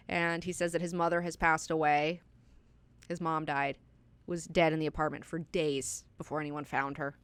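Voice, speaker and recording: A woman with a lowish, smooth voice talks through a book in a loose, chatty way, swearing freely. The sound is dry and close, with no room echo. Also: fairly even intonation, measured pace, sharp tone. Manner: candid, profane, chatty. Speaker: host of a book class. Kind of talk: casual lecture with personal asides.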